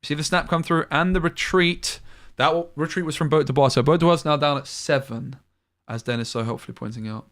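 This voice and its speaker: A male esports caster talks through each play in a brisk, analytical way, with a voice that sits a little above the usual male range. He often breaks off to think aloud before returning to the action. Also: a little high, fairly bright tone. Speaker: tournament caster. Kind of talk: live esports play-by-play commentary.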